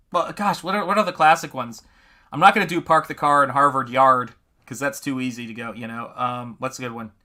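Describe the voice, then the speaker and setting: A man with a bright, forceful and somewhat high voice talks loosely while he paints live. He rambles from one thought to the next and answers viewer comments along the way. His delivery stays casual and unscripted throughout. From New England. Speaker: artist hosting a live painting stream.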